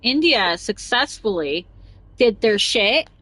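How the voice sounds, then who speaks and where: A woman's voice: on the high side, sing-song, slow, sharp tone, no room sound, rough recording. A woman hosting a casual chat show, reading news aloud and rambling off on tangents with giggles. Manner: rambling, giggly, talks over herself. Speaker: podcast host.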